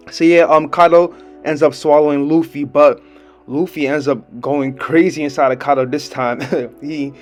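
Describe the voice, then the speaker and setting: Excited young man with a slangy review style. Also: medium pitch. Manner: excited, slangy, laughs often. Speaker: manga chapter reviewer. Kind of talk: casual video review.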